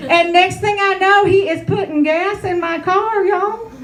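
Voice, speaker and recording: A woman's voice: very high voice, steady tone, a little slow, rough recording. A woman in her thirties, performing a brash, profane stand-up comedy set with a chatty storytelling manner.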